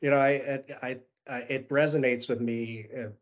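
A man's voice: mid-range voice, fairly even intonation, highs cut off. A man in his fifties from South Africa with a Canadian accent, hosting a podcast interview and talking eagerly with many restarts. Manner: eager, halting, full of restarts. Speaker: podcast host. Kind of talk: podcast interview over a video call.

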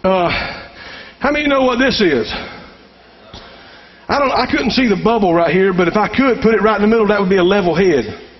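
A man's voice: sits high, expressive, brisk, pauses often. A middle-aged man preaching a folksy sermon to fathers, calling for amens from the crowd. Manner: folksy Southern-style preaching with call-and-response. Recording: dull sound in a reverberant hall.

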